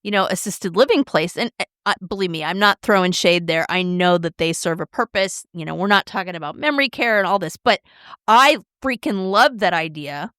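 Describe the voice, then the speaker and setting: A middle-aged woman in casual podcast chat, frank and lively, leaning on "like" and "right?" as she talks. Her voice sits at a middling pitch, recorded dry and close with no room sound. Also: fairly quick, no echo. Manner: candid, animated, says "like" and "right?" a lot. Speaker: podcast co-host.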